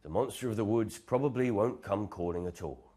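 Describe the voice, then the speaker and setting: A man's voice: fairly low pitch, fairly quick, mellow, close to an everyday voice. A man voicing a fussy male owl who loves making plans, earnest and a little bossy, in a children's storybook reading.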